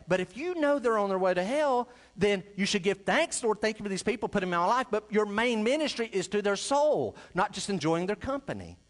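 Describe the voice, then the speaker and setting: A male pastor preaching a sermon, swinging between loud emphasis and quiet asides. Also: sits high, sing-song, a little fast, few pauses.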